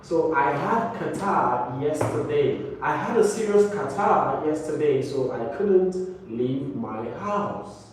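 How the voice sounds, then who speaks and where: A man teaching English pronunciation in a classroom, pitched a little high and speaking very slowly. He repeats every word deliberately for his students. He is picked up from far off in a very echoey room with a faint hiss behind him. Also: lively intonation. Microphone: distant camera mic.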